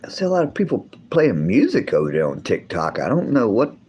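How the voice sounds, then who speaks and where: A livestream host with a lowish, warm voice chats casually with his live chat viewers, his pitch swinging widely and his pace a little fast. He rambles and drawls, often restarting sentences, and there's slight background noise.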